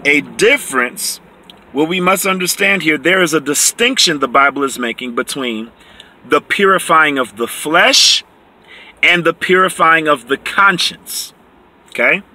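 A man teaching from the Bible, reading verses slowly and explaining them emphatically, often checking in with "okay?". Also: on the high side, sharp tone. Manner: reads scripture slowly and deliberately.

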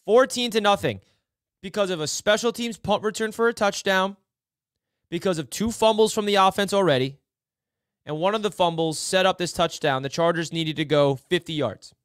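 A man hosting a casual football film breakdown, excitable, dropping to low mutters and then shouting in frustration or delight. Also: moderate pace, smooth, no echo, studio quality. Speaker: sports film breakdown host.

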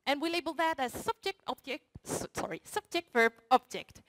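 Woman researcher, slightly high voice, playful, audience-facing short talk. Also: normal speed, a bit bright, rough recording. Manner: playful, addresses the audience directly with games. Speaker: researcher presenting her project. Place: university hall before an audience.

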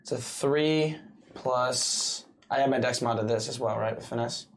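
A man's voice: medium pitch, a little slow. A man playing a tabletop game, talking casually and checking the rules with questions. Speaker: player.

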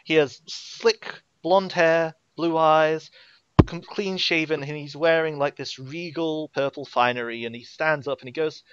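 A man's voice: a little high, steady tone, a little slow, clear, resonant tone, dry recording, muffled recording. A man narrating as game master, rambling through scene descriptions. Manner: rambling, filler-heavy description.

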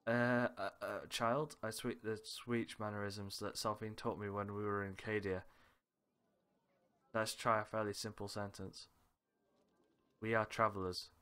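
A man with a fairly low voice reads a visual novel aloud, playing every part himself. He moves from one character to the next and drops in small laughs and asides along the way. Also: little pitch movement, a little slow, long pauses, pushed and bright, clean tone. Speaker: let's play host reading a visual novel aloud. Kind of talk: reading game dialogue aloud with light character voices.

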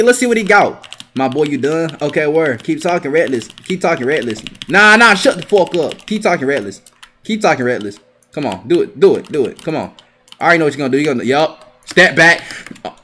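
A young man giving live gameplay commentary, trash-talking his opponents with heavy profanity and sudden bursts of yelling. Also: a little high, slight background noise. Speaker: gaming video creator.

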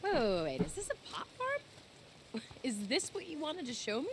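A dry teasing young scientist in a game, higher voice, bouncy delivery. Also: female voice, huge pitch swings, normal speed, background noise. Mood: amused. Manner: dry, teasing, easily amused. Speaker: game character. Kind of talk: video game dialogue acting.

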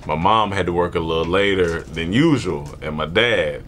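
A man telling a comedic childhood story in casual chat, animated and laughing often, acting out voices. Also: sits low, normal speed, a little hiss or hum. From born in Germany, grew up partly in Panama.

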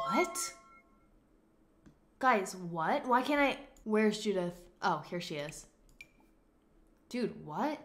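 Excitable woman doing game commentary, roomy. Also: a little high, a little hiss or hum. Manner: excitable, swears freely, joking self-mockery. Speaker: gaming video host. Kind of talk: let's-play commentary. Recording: roomy room sound.

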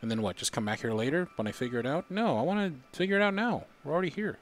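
A man casually commenting on his gameplay, muttering to himself as he puzzles things out, with sudden excited outbursts. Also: a little high, very fast, a little hiss or hum. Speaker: gaming streamer. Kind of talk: casual let's-play commentary.

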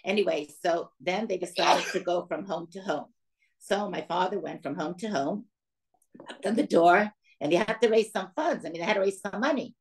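An older woman from the former Soviet Union speaks as a guest to a gathering of women. She tells her family's story in a lively way, acting out the voices of the people in it. Her voice sits a little low for a woman. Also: moderate pace. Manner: lively storyteller who acts out quoted dialogue. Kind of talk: storytelling talk to a women's audience.

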